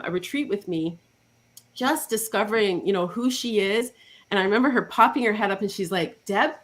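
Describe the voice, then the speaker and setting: Woman, life coach, chatty, animated storyteller, acts out quotes. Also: medium pitch. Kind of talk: casual interview chat.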